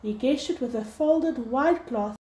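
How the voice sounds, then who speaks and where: A woman's voice: high-pitched, measured pace. Woman reading a story, echoey room. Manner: steady storybook narration. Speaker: teacher. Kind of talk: reading a novel aloud. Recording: echoey room with faint hiss.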